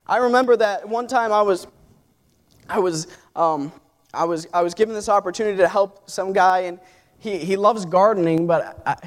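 Casting: male preacher with a high, light voice, storytelling sermon, conversational with restarts, climbing into fervent exhortation. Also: normal speed. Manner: personal storytelling with fillers and restarts; builds to loud, impassioned exhortation.

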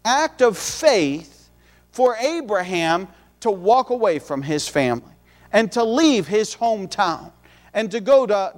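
A man with a notably high voice delivers a sermon in an easygoing, folksy manner. He talks like a missionary preacher chatting with his congregation, with plain homespun asides woven between the scripture.

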